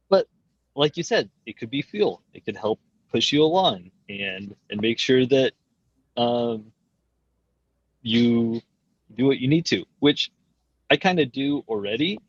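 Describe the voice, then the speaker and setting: A man of ordinary pitch speaks as a guest in a casual conversation over a video call. He talks in a reflective, hesitant way, with many fillers. The sound is dry and dull, with no room echo.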